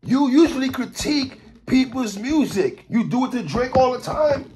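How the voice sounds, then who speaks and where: A man hosting a podcast, ranting in animated commentary, stammering, repeating himself and shouting for emphasis. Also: extremely high pitch, moderate pace. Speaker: podcast host.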